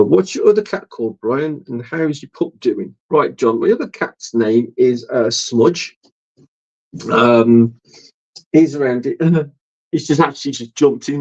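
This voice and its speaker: A man hosting a casual livestream, rambling with lots of ums and soft laughs. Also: mid-range voice, muffled recording. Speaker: livestream host. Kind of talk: casual livestream chat reading viewer comments.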